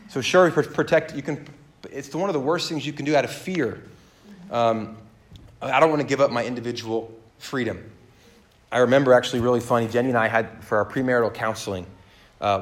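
A man in his thirties preaching a sermon, telling stories with lively acted-out dialogue that swings his voice up and down. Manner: animated storyteller, acts out dialogue with big pitch jumps. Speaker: pastor.

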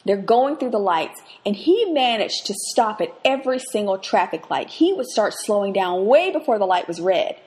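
A woman with a mid-range voice leads a devotional teaching on a faith podcast. She is expressive and animated, slowing to hushed reflection and then picking up as she tells personal stories. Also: mid-range voice. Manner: expressive, swings from hushed reflection to lively anecdote. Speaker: podcast host and Bible teacher.

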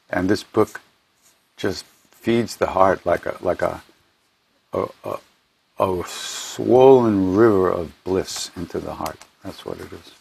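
Gravelly low-voiced man telling stories. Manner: rambling, repeats himself, restarts sentences. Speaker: spiritual teacher hosting an online gathering. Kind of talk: casual storytelling talk. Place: his home. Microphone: home computer mic for an online event.

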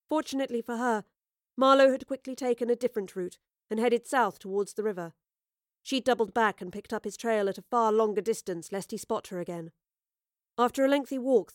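A woman's voice: a little high, no room sound. Woman narrating a story, close and dry. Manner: measured, expressive storytelling. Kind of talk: scripted audio drama narration.

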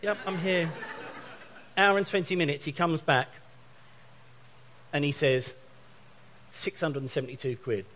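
A man's voice: a little high, moderate pace, pauses often, a bit bright, slight background noise. A middle-aged man from England preaching a sermon, telling a story and acting out both sides of his phone calls.

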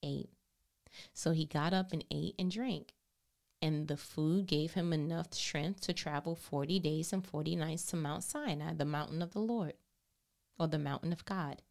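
Reading Bible verses aloud and announcing their numbers, this woman podcast host then launches into lively, playful commentary full of casual slang. Her voice sits low and gravelly at a normal speed.

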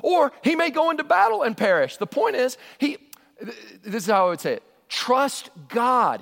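A man with a fairly high voice delivers a sermon, earnest and emphatic, stumbling and restarting as he drives each point home. His words ring out through a large hall with a long reverb tail. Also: a bit bright. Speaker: pastor.

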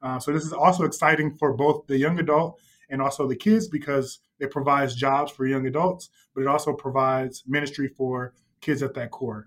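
A man who is a podcast guest telling a camp story in casual chat, animated, with lots of fillers and laughter. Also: medium pitch. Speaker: youth ministry leader, podcast guest.

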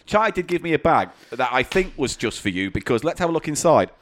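A man co-hosting a comedy podcast, teasing and joking loudly with his co-host. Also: a little high, brisk. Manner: teasing, loud and lively. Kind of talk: comedic casual chat.

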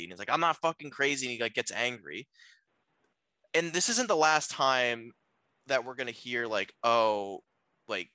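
In this clip the podcast co-host's mid-range voice is bright and forceful as he casually walks through a film's story. He rambles, leaning on fillers and restarting often, and the rough recording has no room sound.

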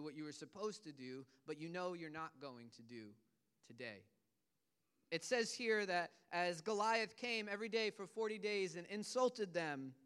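High, smooth-voiced male preacher. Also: fairly bright tone. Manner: earnest storytelling preacher, paraphrasing scripture in casual words. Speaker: pastor. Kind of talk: sermon.

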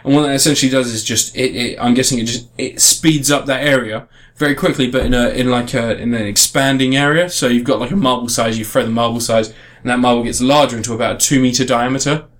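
A man's voice: mid-range voice, quick pace, few pauses. A man in casual podcast chat, reviewing a game in a rambling way with frequent restarts. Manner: rambling, restarts often, animated emphasis.

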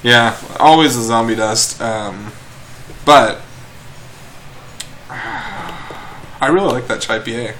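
A young man co-hosting a casual podcast chat, tossing out dry, deadpan jokes and teasing his friend. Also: medium pitch, very slow, long pauses, slight background noise, low-quality recording. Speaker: podcast co-host.

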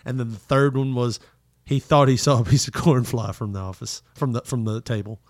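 A man telling childhood stories in casual chat, animated and profane, putting on voices for the people in them. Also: medium pitch, a little fast, no echo, clean studio sound.

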